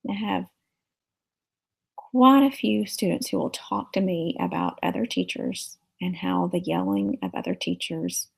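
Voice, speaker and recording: A woman's voice: on the low side, animated, unhurried, gravelly, husky, poor audio. A woman teacher giving an earnest, practical lecture on managing a classroom, illustrated with stories from school.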